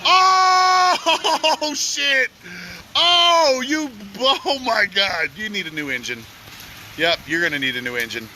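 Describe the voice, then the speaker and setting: A man from Oklahoma with an Oklahoma accent, livestreaming outdoors by a flooded street at night, giving loud, joking commentary full of slang. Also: on the high side, animated, normal speed, a little hiss or hum. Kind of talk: casual live commentary.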